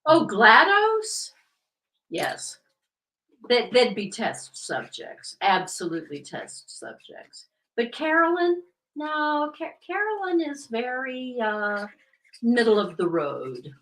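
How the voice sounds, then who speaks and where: A woman's voice: on the high side, big pitch swings, a bit bright, poor audio. An older woman chatting casually on a livestream, absorbed in her work and talking to herself as she renumbers prints. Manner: slow, absorbed, talks to herself while working. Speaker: voice actress signing prints.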